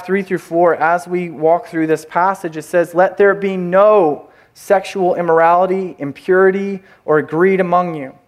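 Animated man preaching a casual sermon. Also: high-pitched. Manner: conversational, animated storytelling with many fillers. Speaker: pastor. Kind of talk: sermon with personal story.

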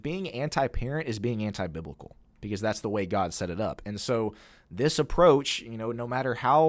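A man co-hosting a podcast discussion, talking with emphasis and passing the floor to his co-host. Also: mid-range voice.

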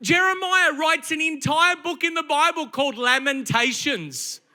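A man preaching a sermon, emphatic and conversational, slipping into quick acted asides. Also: very high voice, sharp tone.

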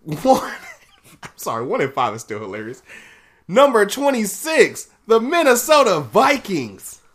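A man hosting a casual podcast, reading a sports ranking list out loud and laughing and swearing at the results. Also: high-pitched, huge pitch swings, a little slow. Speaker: podcast host.

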